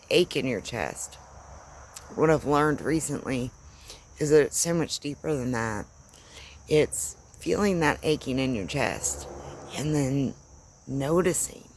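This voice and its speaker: A woman giving a reflective spiritual talk, speaking gently and searchingly with long pauses. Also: extremely low pitch, a little hiss or hum. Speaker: spiritual teacher. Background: faint crickets and insects.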